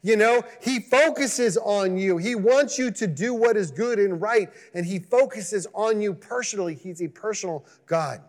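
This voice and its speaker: A man's voice: high-pitched, moderate pace, hardly any pauses, big-room sound. A man preaching a conversational sermon, acting out voices and asking the listeners questions. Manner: conversational, animated, acts out quoted voices. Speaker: pastor.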